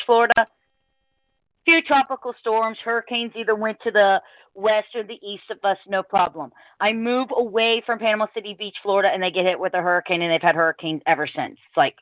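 A woman hosting a podcast in casual chat, talkative and quick to laugh as she tells stories. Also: mid-range voice, no echo. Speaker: podcast host. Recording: dry, tinny phone-like sound.

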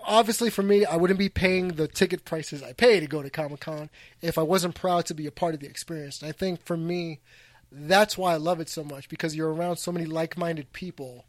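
Man, podcast host, high voice, dry close mic, animated and joking. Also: dry recording. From New York. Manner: animated, joking, restarts and piggybacks. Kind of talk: casual podcast chat.

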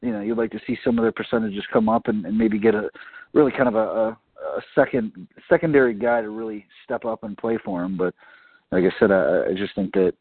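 A man's voice: on the low side, fairly even intonation, fairly quick, husky, dry recording. A man co-hosting a radio show, talking sports hesitantly and filling gaps with "you know". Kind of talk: casual sports talk. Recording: dry, phone-like lo-fi sound.

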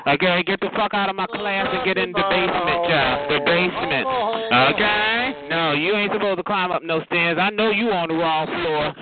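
A man's voice: sits high, moderate pace, over loud music. Sassy man roasting a caller. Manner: sassy and cutting, calls people honey and child. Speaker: host of a call-in show. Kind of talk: profane call-in roast. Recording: tinny phone line with crowd noise.

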